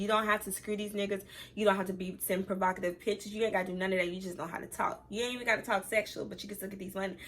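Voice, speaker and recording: A young woman telling a personal story time on her vlog, candid and chatty, talking straight to her viewers and close to tears at times. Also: medium pitch. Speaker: vlogger.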